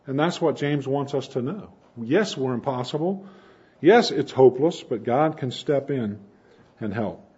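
Husky-voiced man preaching a sermon. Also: medium pitch, expressive, measured pace, highs cut off. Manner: earnest preaching with rising emphasis and soft drops.

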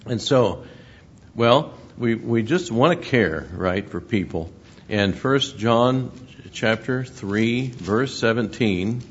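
A man preaching a sermon, halting and repeating words, then reading scripture and stories aloud more loudly. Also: medium pitch, lively intonation, slightly rough. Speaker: pastor. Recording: dull lo-fi recording.

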